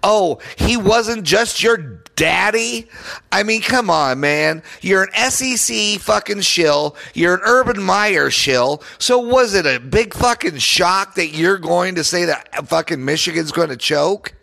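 A man's voice: sits high, animated, measured pace, gravelly, bright, forceful tone. A man hosting a solo sports podcast, ranting in a heated, profane and sarcastic way.

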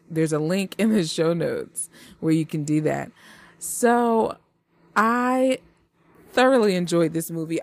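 A woman's voice: lowish voice, a little mellow, no echo. A woman hosting a casual movie-review podcast, chatty and hyped, talking straight to her listeners. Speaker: podcast host.

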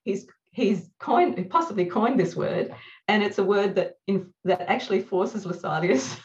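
A woman's voice: mid-range voice, muffled recording. Laughing, eager woman scholar. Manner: enthusiastic, laughs often, quick bursts. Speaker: classics scholar guest. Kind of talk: conversational podcast discussion.

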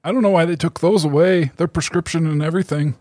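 A man's voice: a little high, steady tone, fast, a little mellow, no room sound. A man in a tabletop session with a slightly raised voice, talking hesitantly and filling the gaps with little fillers. The sound is close and dry. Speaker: player. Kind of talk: tabletop role-play banter.

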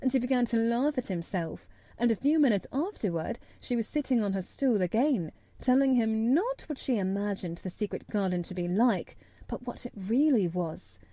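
A woman reading a classic novel aloud in calm, measured narration. Her voice sits a little high yet mellow, recorded close and dry without room sound. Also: dry recording. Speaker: audiobook narrator.

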